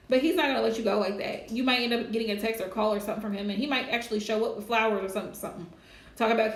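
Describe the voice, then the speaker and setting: A woman's voice: fairly high pitch, quick pace, fairly bright tone, echoey room. A woman doing a live tarot reading, chatty and casual, laughing often. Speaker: tarot reader.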